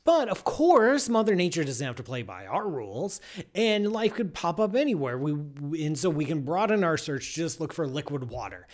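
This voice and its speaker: Male science-show host, lively and theatrical, mock-outraged, big swings between loud and muttered. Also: fairly high pitch, moderate pace. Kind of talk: live science show monologue.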